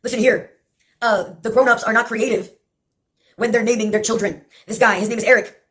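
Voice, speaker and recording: A woman's voice: a little high, fairly even intonation, a little fast, fairly bright tone. A woman from Texas in a rambling, sarcastic monologue, swearing and laughing often as she jumps between topics. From Brownsville, Texas.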